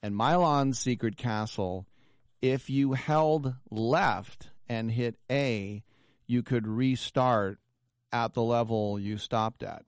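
A man hosting a radio talk show, telling an animated, self-deprecating story in casual chat. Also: medium pitch, slow pace, clean tone, dry recording, clean studio sound.

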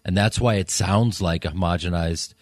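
A man's voice: deep voice, dry recording. A man from Chicago, a comedian guest, chatting in a rambling, self-mocking way on a radio show. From Chicago, USA. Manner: rambling, self-mocking, quick to slip into voices. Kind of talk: casual radio interview chat. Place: radio studio.

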